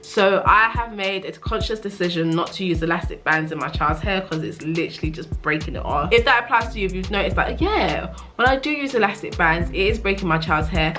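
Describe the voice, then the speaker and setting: Chatty woman in her 30s with a bright voice, casual vlogger talking straight to camera. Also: on the low side, soft background music. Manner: chatty, quick and animated, with laughs. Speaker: natural hair vlogger and mother.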